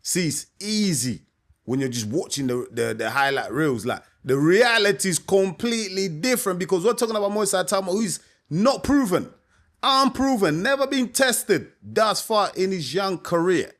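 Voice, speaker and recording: A boxing coach who hosts his own channel gives his opinion to camera, casual and emphatic, often asking "you know what I mean". His voice is high-pitched, a bit bright, and animated, at normal speed.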